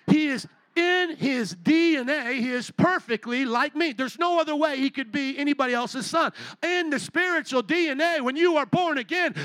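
A man's voice: very high voice, a little fast, pushed and bright, no room sound. A male pastor preaching a sermon from a stage with a handheld microphone, fervently firing rhetorical questions at the congregation. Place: stage in a large building.

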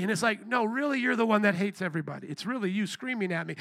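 A male pastor preaching a conversational sermon, emphatic, bursting into raised shouts. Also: high voice, fast talker, creaky, hardly any pauses, dry recording. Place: church sanctuary.

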